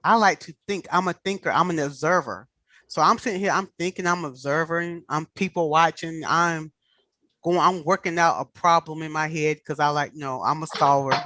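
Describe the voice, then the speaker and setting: A woman in casual chat, telling animated stories and acting out the people she quotes. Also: deep voice, no echo.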